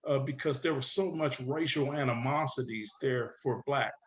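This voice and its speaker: A middle-aged man from San Diego, a guest in a casual interview, retelling his past in a rambling, animated way full of filler words. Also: mid-range voice, normal speed. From San Diego, California. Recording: roomy echo.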